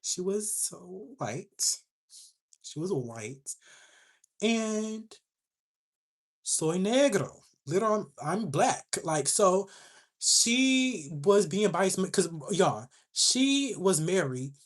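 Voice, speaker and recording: Young woman, sassy, animated storyteller, casual livestream chat, mid-pitched voice. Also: takes it slowly. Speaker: livestream host.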